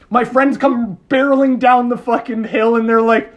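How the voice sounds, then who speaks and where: High-voiced man telling a story. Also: steady tone, a little slow. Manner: profane, laughs often. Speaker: podcast guest. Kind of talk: casual storytelling.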